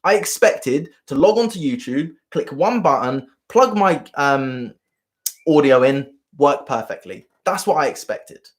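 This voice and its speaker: Guy talking to his live stream viewers, kinda high voice, earnest, rambles and repeats himself. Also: lively intonation, unhurried. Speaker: self-help coach.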